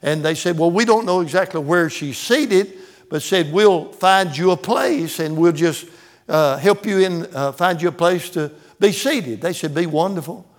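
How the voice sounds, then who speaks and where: A man's voice: high voice, moderate pace. An older man, a pastor, telling stories in a sermon in a folksy way, often stumbling over and repeating words.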